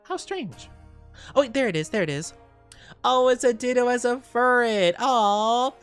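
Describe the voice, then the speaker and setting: A man's voice: extremely high pitch, normal speed, a bit bright, clean tone, soft background music. A young man streaming, chatting casually in a bubbly, rambling way, reading chat aloud and giggling often.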